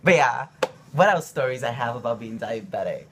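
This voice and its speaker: A man's voice: mid-range voice, animated, a little fast, breathy edge. A young man in his early twenties telling a personal story to his camera at home, rambling and emotional, with many ums and likes. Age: young adult. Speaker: vlogger.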